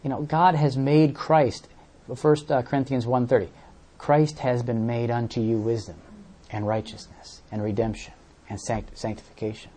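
A man's voice: medium pitch, level tone, moderate pace, dark tone. A man preaching a sermon, explaining verses with everyday examples and often repeating words as he searches for the next phrase.

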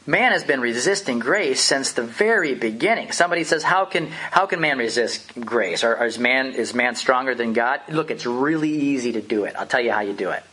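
This is a preacher in full flow, delivering an impassioned sermon with emphatic rhetorical questions. The voice sits at a middle pitch and has a husky, breathy edge. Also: expressive, fairly quick, few pauses, pushed and bright.

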